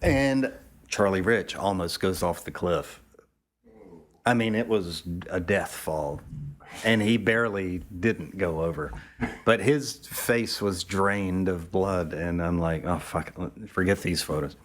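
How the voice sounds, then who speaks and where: Man photographer guest, low voice, easygoing profane yarn-spinner. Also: slow. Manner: loose, rambling, profane, chuckling. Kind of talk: casual storytelling anecdote.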